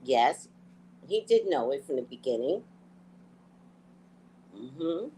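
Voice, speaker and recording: A woman's voice: very deep voice, very animated, slow pace, dark tone, a little hiss or hum, rough recording. A woman hosting a casual book discussion. She talks candidly and laughs while telling stories. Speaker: host.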